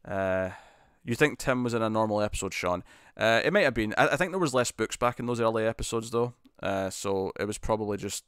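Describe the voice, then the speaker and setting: A man's voice: on the low side, a little fast, fairly bright tone, clean tone, no room sound. A young man hosting a casual live stream, reading viewer comments aloud and answering them with frequent ums and laughs, into a studio mic with a pop shield. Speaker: host.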